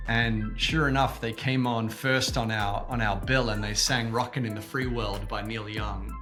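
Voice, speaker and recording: A man from Australia, a guest telling an animated story over a video call. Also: lowish voice, normal speed, few pauses, music in the background. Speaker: guest, activist. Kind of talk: storytelling interview answer.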